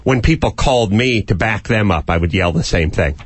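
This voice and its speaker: A man hosting a comedy talk radio show, riffing on absurd scenarios and bursting into shouted mock cop lines. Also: on the low side, animated, brisk, slightly rough, dry recording.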